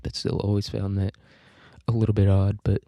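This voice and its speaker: A man giving a casual literature lecture in a very dark, mellow voice that sits fairly low. He rambles, jokes crudely and swears freely. The sound is close and dry. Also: completely flat delivery, moderate pace, no room sound. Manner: rambling, crude and joking, with profanity. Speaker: podcast host teaching literature.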